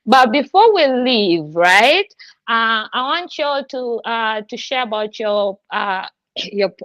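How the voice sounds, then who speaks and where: A woman's voice: a little high, lively intonation, slow pace, fairly bright tone, no room sound, dull audio. A woman hosting a podcast, talking in an effusive, heartfelt way and laughing often. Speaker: podcast host. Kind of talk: emotional casual chat.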